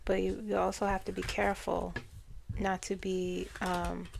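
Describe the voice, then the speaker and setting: A woman's voice: medium pitch, little pitch movement, unhurried, gravelly, a little hiss or hum. A woman doing a casual tarot card reading for viewers, musing aloud and trailing off. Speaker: tarot reader.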